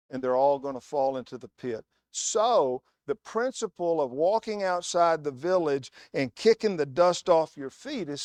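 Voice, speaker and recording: Guy preaching, tells stories, hits words one at a time, kinda high voice, dry sound. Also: dry recording. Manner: storytelling, emphatic, word-by-word stress. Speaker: guest preacher. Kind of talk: sermon. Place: church.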